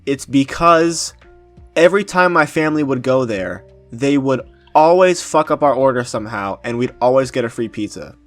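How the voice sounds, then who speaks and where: A man's voice: mid-range voice, lively intonation, moderate pace, soft background music. A young man co-hosting a podcast, chatting casually and reacting to stories with surprised swearing. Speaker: podcast co-host. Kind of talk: casual chat.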